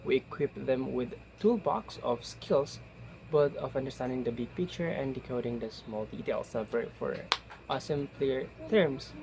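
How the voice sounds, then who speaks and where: A young man giving a class report presentation, with a slow, halting delivery full of fillers and restarts. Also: mid-range voice, low-quality recording. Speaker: student presenter.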